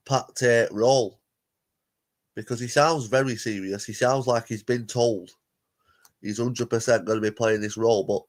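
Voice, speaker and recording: A man hosting a live reaction stream, talking bluntly and casually, swearing freely. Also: medium pitch.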